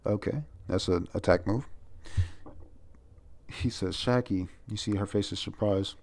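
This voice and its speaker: A man's voice: fairly low pitch, fairly even intonation, unhurried, creaky, darkish tone. A young man casually reviewing a comic chapter, rambling and profane with lots of restarts. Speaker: manga reviewer.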